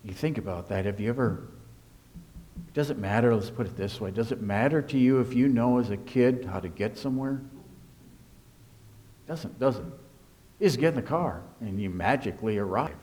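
A man preaching a sermon as pastor, emphatic, swinging between hushed and raised delivery. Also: mid-range voice, moderate pace, long pauses.

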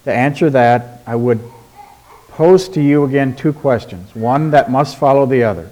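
A man preaching a sermon in a deliberate, emphatic way, asking rhetorical questions and dropping to a quiet voice for stress. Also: mid-range voice. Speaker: pastor.

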